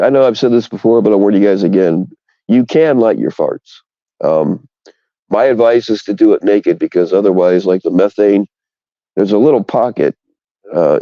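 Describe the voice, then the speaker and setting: Deep gravelly man, crude rambling chat. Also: no echo, lo-fi sound. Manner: rambling, bawdy, joking. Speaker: livestream host. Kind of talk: casual crude chat with viewers.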